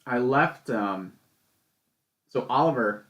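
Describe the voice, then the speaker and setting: A young man co-hosting a podcast, loud and excitable in casual chat, often laughing. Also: mid-range voice, slow pace, highs cut off. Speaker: podcast co-host.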